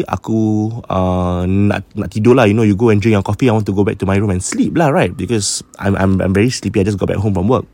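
A man's voice: lowish voice, fast talker, hardly any pauses, dark tone, no room sound. A man with a Malaysian English accent hosting a horror podcast, casually retelling a listener's ghost story and slipping between Malay and English.

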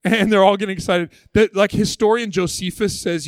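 A man preaching a sermon as pastor, conversational and lively, often repeating words as he builds his point. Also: sits high, fairly quick, hardly any pauses, dry recording.

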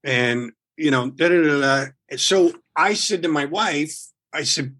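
Husky-voiced man telling a wild story. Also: a little high, unhurried. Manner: animated, rambling with restarts. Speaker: guest musician. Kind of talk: casual storytelling, swearing freely.

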